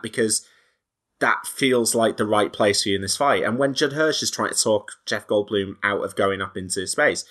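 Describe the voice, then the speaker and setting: A man chatting casually about a movie, animated and stumbling over restarts as he acts out lines. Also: fairly low pitch, normal speed. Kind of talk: casual podcast film discussion.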